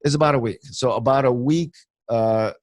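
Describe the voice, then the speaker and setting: Man, mid-pitched, teasing, rambling host, dry sound. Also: normal speed, no room sound. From Hawaii. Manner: rambling, teasing, lots of restarts. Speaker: podcast host. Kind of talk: casual chat.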